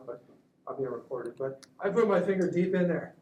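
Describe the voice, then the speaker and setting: A man's voice: fairly high pitch, expressive, a little fast, a little mellow, slight background noise. A man, an orthopedic surgeon, giving a conversational classroom lecture to students and checking in with "right?" after nearly every point. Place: lecture room. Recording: echoey room, recorded from a distance.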